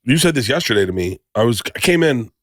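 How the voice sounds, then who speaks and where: A man co-hosting a podcast, telling stories in a casual, animated way and acting out the people in them. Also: medium pitch, quick pace, no echo, studio quality. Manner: animated storyteller, acts out voices. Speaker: podcast co-host. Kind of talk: casual storytelling chat.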